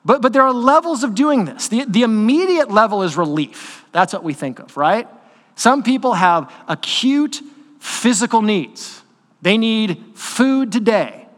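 Male pastor, high voice, animated conversational sermon, live in a reverberant church. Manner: conversational, animated storytelling with quick asides. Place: church sanctuary. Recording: long hall reverb in a church.

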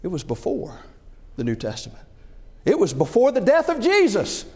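A middle-aged man preaching a sermon, animated, asking rhetorical questions and acting out everyday scenarios. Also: sits high, normal speed. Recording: long hall reverb.

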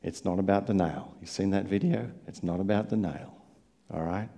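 A man preaching a sermon, telling stories and swinging from quiet asides to loud emphatic lines. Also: low-pitched, normal speed. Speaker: pastor.

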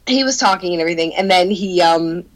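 A young adult woman telling a story in casual chat, animated, laughing often, swearing and peppering her talk with "like.". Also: fairly low pitch, quick pace, poor audio.

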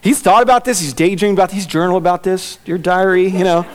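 A man's voice: high voice, fairly even intonation, fast talker. A man preaching a sermon, reading scripture aloud and acting out the characters' voices with laughter. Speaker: pastor.

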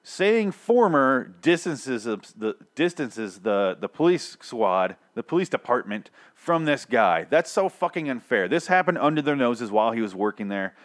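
A man's voice: medium pitch, very animated, moderate pace, few pauses. A man hosting a casual comedic rant, sarcastic and exasperated, swearing often.

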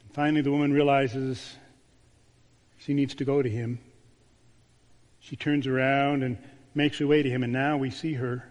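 A man, a pastor, delivering a sermon with a storytelling manner, dropping to a hushed voice on key words. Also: mid-range voice, little pitch movement, moderate pace, pauses often. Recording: long church reverb.

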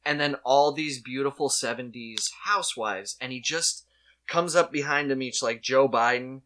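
A man in casual comedic chat, telling an animated story and slipping into put-on voices. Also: medium pitch, normal speed.

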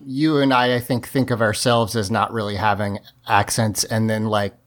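A man's voice: on the low side, level tone, moderate pace, fairly bright tone. A man with a light Southern US accent co-hosting a podcast, talking casually and often restarting his phrases. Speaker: podcast co-host. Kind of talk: casual chat.

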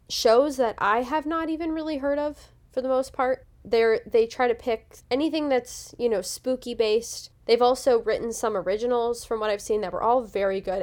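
Woman co-host, casual enthusiastic chatter, higher voice. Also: a little mellow. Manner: chatty and enthusiastic, with many fillers. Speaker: podcast co-host. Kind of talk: casual chat.

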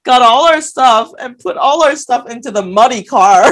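A woman's voice: on the high side, animated, normal speed, a crowd in the background. A young woman co-hosting a casual podcast, telling a story with lots of giggles. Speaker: podcast co-host. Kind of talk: casual chat.

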